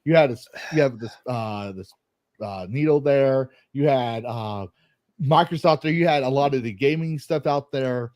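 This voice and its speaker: A man's voice: mid-range voice, normal speed, darkish tone, no room sound. Rambling, joking man hosting a chat. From Texas. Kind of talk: casual chat.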